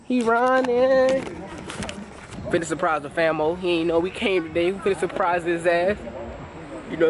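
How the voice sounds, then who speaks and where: A young man filming a casual vlog outdoors at a youth football game, joking and hyping the camera in slangy talk. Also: high voice. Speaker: vlogger.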